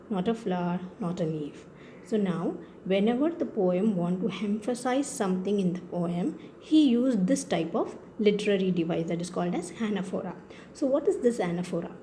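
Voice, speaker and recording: Woman, Indian English accent, teacher, patient and repetitive, warm soft tone. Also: mid-range voice, lively intonation, normal speed, slight background noise. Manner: patient, repetitive explaining with frequent checks for understanding. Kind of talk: classroom lesson on poetry.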